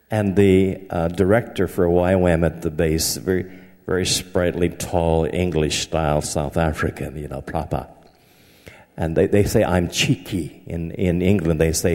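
Man, Southern accent, pastor preaching, folksy and joking, slow unhurried delivery, lower voice that swings a lot, long hall reverb. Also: darkish tone. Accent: Southern American. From southern United States. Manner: folksy, humorous, tells anecdotes. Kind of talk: sermon.

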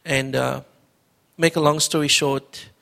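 A man's voice: on the high side, steady tone, a little slow, vocal fry, pushed and bright. A middle-aged man preaching as a pastor, telling his testimony in an earnest, conversational way, often repeating words. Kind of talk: testimony sermon.

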